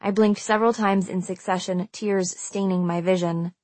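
A woman's voice: mid-range voice, steady tone, normal speed, a little mellow, dry recording. A woman reading a first-person novel aloud in a tense, emotional storytelling manner. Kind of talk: first-person audiobook narration.

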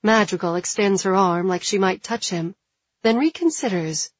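A woman reading an audiobook in a measured, even narration. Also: mid-range voice, no room sound. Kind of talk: scripted narration. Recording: dull, dry studio sound.

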